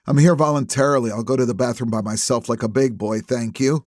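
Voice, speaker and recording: A man's voice: medium pitch, steady tone, a little fast, no room sound, studio quality, close to an everyday voice. A man playing a guarded, testy attorney. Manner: guarded, sharp retorts. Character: tense male attorney being questioned.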